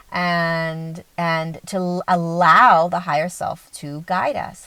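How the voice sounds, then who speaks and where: A woman's voice: mid-range voice, no room sound, rough recording. A woman giving a spiritual talk as a teacher, earnest and often checking in with the listener.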